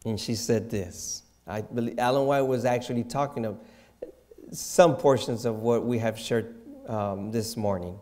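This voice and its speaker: A man preaching a sermon in a slow, reverent manner, dropping to soft, hushed asides. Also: mid-range voice. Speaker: pastor.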